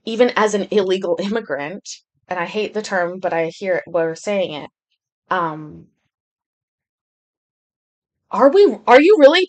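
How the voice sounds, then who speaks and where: Chatty woman with a lowish voice. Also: a bit bright. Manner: rambling, candid, chatty. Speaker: host. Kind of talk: casual commentary on court videos.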